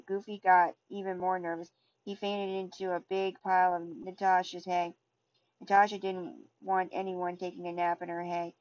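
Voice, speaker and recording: Lady reading a storybook out loud, trips over words, muffled lo-fi sound. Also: on the low side, level tone, moderate pace. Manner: hesitant reading with restarts. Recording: dull lo-fi recording.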